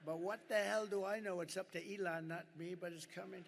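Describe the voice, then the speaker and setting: Gravelly older man rambling at a rally. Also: high-pitched, steady tone, brisk. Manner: rambling, conversational, heavy on superlatives and asides to the crowd. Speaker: political candidate at a campaign rally. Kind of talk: rally speech. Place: large packed rally venue. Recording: echoey arena sound with crowd noise.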